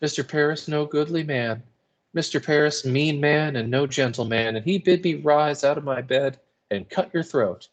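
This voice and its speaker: A man's voice: medium pitch, unhurried, a little mellow, voice pushed up, natural voice. A man voicing a frightened accused servant woman. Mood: furious. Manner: broken dialect, pleading then furious. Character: desperate enslaved woman accused of witchcraft.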